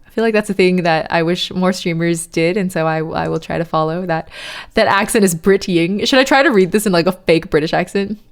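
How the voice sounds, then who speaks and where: A woman's voice: on the low side, brisk. A woman streaming live, chatting casually with her viewers, often laughing and reading their messages aloud. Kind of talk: casual chat with live chat readers.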